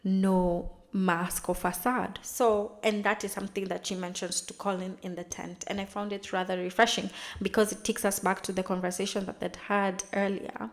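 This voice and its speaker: A woman chatting casually as she recaps a TV episode, retelling scenes with quick dramatized asides. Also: mid-range voice, little pitch movement. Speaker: TV recap vlogger.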